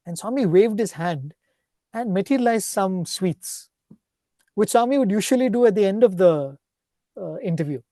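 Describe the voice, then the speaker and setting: A man giving a devotional talk, retelling stories in an unhurried, explanatory way and often checking in with a questioning "right?". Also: high-pitched, expressive, warm tone, no room sound, studio quality. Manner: ends points with a questioning "right?". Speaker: spiritual speaker.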